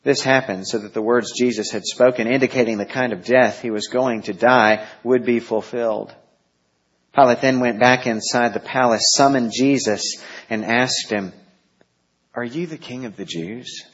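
Husky guy preaching, dull lo-fi recording, soft praying then reading scripture with punch. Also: medium pitch, fairly even intonation, normal speed. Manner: prays softly, then reads scripture with rising intensity. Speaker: pastor. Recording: dull lo-fi sound.

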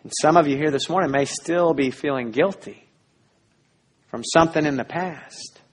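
A man preaching a sermon as pastor, earnest, dropping to a hush and then rising loud again. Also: on the high side, normal speed, a little hiss or hum. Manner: earnest preaching, swinging between hushed and loud.

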